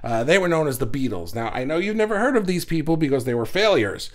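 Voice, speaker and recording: A man's voice: on the high side, sing-song, fast. A man giving a casual motivational talk, joking and sarcastic, with many fillers and restarts. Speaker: motivational speaker.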